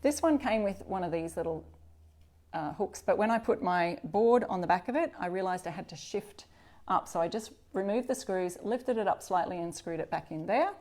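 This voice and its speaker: A woman's voice: medium pitch, expressive, moderate pace, a little mellow. A middle-aged woman from Australia hosting a live crafting demonstration, talking chattily to viewers and greeting them as they join. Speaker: upcycling channel host.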